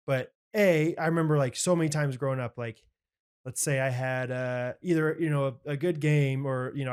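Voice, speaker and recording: Rambling, earnest young man co-hosting. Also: medium pitch. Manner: earnest, rambling, many filler "like"s. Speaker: podcast co-host. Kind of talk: casual chat.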